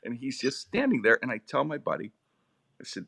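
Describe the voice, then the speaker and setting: Creaky-voiced man telling a lively story. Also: fairly quick. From Pittsburgh area, USA. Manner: lively, comic, with big swings in pitch. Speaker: radio personality and podcast host, guest. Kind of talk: animated storytelling.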